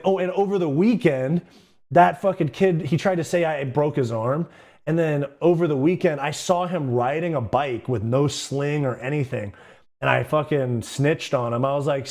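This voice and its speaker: A man's voice: on the high side, a little mellow. Profane young man telling stories. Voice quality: profane, slangy, rambling. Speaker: livestream host. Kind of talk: casual storytelling.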